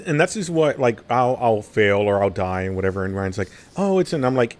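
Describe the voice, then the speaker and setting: Casting note: man, casual podcast guest, rambling, lively swooping pitch. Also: brisk, few pauses. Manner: rambling, self-deprecating, acts out quotes with big pitch jumps. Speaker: guest streamer.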